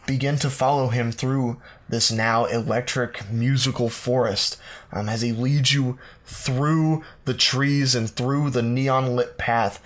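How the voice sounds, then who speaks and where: A man co-hosting a podcast, improvising a playful fantasy story with many fillers and pauses. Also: mid-range voice. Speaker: podcast co-host narrating a comic fantasy story.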